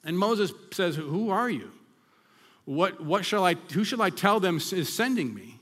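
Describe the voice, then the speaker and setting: A man preaching a sermon as pastor, reading scripture aloud with emphatic, dramatic slowdowns. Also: sits high, lively intonation, fairly bright tone. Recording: long reverb of a hall.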